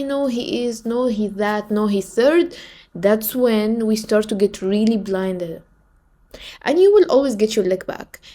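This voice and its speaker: A woman's voice: mid-range voice, warm tone. Preachy woman giving relationship advice. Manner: preachy, emphatic, repeats advice. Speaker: commentator. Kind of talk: advice commentary.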